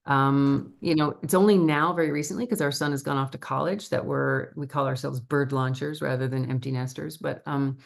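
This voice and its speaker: Middle-aged woman with a low, gravelly voice. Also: fairly quick, hardly any pauses. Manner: chatty, animated storyteller with laughs. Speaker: actor, interview guest. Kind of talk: casual interview chat.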